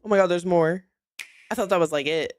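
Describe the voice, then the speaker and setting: A woman streaming a live reaction, excitable and quick to exclaim and laugh. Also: fairly low pitch.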